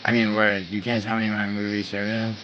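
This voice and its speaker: A man's voice: fairly low pitch, monotone, a little fast, dull audio, background noise. A man hosting a livestream in casual chat with his viewers, brash and profane, trash-talking and bragging. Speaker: livestream host.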